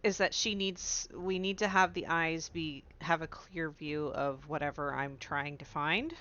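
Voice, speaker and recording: A woman playing a tabletop game, talking eagerly with bursts of excitement and laughter. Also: deep voice, measured pace, dull audio. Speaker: player. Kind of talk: casual tabletop game chat.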